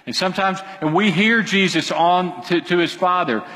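A man's voice: sits high, lively intonation, moderate pace, pushed and bright. A man preaching a sermon in a church, talking conversationally, quizzing the congregation and repeating his phrases. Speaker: pastor. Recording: long hall reverb.

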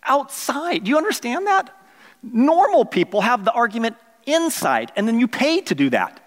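A man's voice: very high-pitched, normal speed, big-room sound. A middle-aged man, a pastor, telling a personal story in a sermon, acting out the voices of people in it and joking with the congregation. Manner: animated, acts out quoted voices, jokes with the congregation.

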